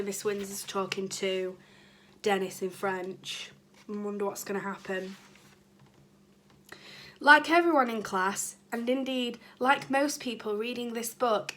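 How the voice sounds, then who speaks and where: A woman's voice: medium pitch, a bit bright. A woman, a primary school teacher, reading a children's book aloud with chatty asides to the children.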